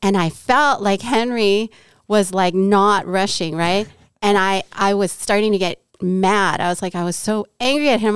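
Smooth, lively woman telling a story. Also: mid-range voice, a little slow, no room sound, studio quality. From Southern California. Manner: animated storyteller, acts out quoted dialogue. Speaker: podcast guest. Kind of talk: personal faith testimony.

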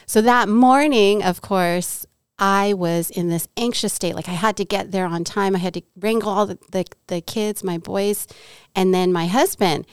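A middle-aged woman from Southern California tells a personal faith story with an animated delivery, acting out the lines of the people in it. Her voice is smooth and clear, and the room sounds dry and close. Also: mid-range voice, normal speed, no room sound. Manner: animated storyteller, acts out quoted dialogue. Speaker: podcast guest.

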